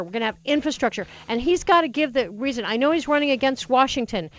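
A woman's voice: high voice, expressive, fast talker, few pauses, soft background music. A woman hosting political call-in talk radio from a studio, passionate and rambling, often restarting her sentences. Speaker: fill-in talk radio host. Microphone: studio microphone.

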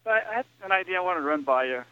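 A man's voice: high voice, expressive, racing, clean tone. A man calling in to a talk radio show, earnest and thinking aloud as he lays out an idea, heard over a phone line. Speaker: caller. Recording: dull phone-line audio.

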